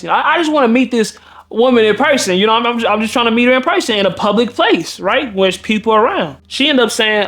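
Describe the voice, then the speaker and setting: A man's voice: high-pitched, expressive, fairly quick, a bit bright. A man from Milwaukee, a dating coach, telling a story in casual, profane speech and acting out the quotes. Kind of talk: storytelling vlog.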